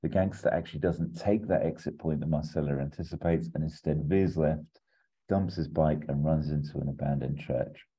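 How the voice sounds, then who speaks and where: A man casually pitching a film plot as a podcast host, rambling, laughing often and swearing. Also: moderate pace, warm tone, breathy edge, lo-fi sound.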